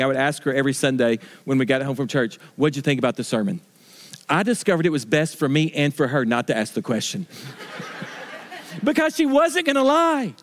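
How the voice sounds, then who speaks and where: A middle-aged man, a pastor, preaching a sermon in a conversational, story-telling way, with restarts and slow stresses on key words. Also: a little high.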